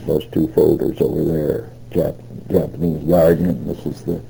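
A man's voice: a bass voice, little pitch movement, moderate pace, vocal fry, dark tone, slightly rough, poor audio. An older man telling his memories in an oral history interview, rambling and retelling old conversations with many fillers. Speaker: interviewee recalling past work.

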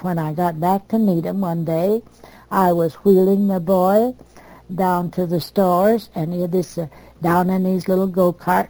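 An older American woman telling family stories from her past in a plain, unhurried way. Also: on the low side, warm tone, no room sound, poor audio. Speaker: storyteller. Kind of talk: oral history reminiscence.

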